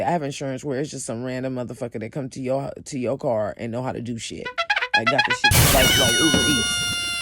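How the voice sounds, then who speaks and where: Woman, storytime vlog, cosmetics seller, profane, emphatic, loud-to-quiet swings. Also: deep voice. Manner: swings from loud outbursts to quiet, shaken admissions. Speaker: cosmetics vendor.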